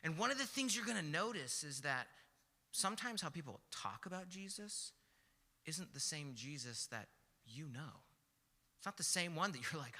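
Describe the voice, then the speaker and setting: Bright-voiced young man preaching casually. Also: a little high, very animated, normal speed. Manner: chatty, storytelling, with many "like" and "right?" asides. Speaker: preacher at a young adults service. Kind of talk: casual conversational sermon. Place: church hall. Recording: long hall reverb with faint music.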